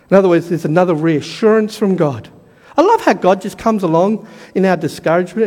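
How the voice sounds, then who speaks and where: A man preaching a sermon with fervour, repeating key lines and building to shouts, his voice going hoarse. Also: high voice, lively intonation, a little fast, big-room sound.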